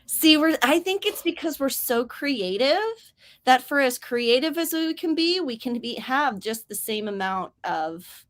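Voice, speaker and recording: A woman's voice: high-pitched, lively intonation, a little slow, a bit bright. Upbeat, chatty woman hosting a livestream. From grew up near Mexico. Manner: chatty, upbeat, reads chat comments aloud. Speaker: host of writing sprint livestream. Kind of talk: casual livestream chat.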